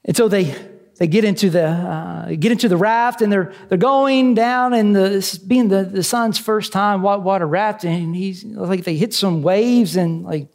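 A man preaching, telling a story as a sermon illustration, halting often with restarts and fillers. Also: sits high, creaky, darkish tone.

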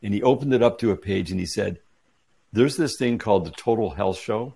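Gravelly low-voiced man telling a story. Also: a little fast. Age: 40s or 50s. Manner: animated retelling with quoted dialogue. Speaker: interview guest. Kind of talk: casual storytelling.

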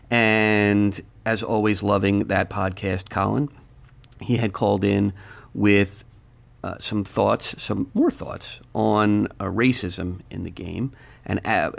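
A man hosting a gaming podcast in a relaxed, rambling solo talk with many fillers. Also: fairly low pitch, vocal fry. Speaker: podcast host. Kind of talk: casual podcast monologue.

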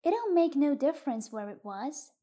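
A woman's voice: high voice, sing-song, moderate pace, mellow. A woman voicing Joe, an easygoing farmer father who teases the boys, in an audiobook reading. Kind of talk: audiobook reading of a short story.

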